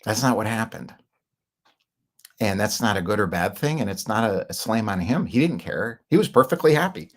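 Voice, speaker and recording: A middle-aged man recounts his own business story in a candid, rambling monologue, sprinkled with fillers and short laughs. His fairly low voice has lively intonation and moves at normal speed.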